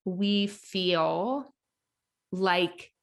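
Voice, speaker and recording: A woman hosting a podcast, thinking aloud in a relaxed, conversational way. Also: fairly low pitch, drawn-out words. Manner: thoughtful, conversational, many fillers and restarts while thinking aloud. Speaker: podcast host.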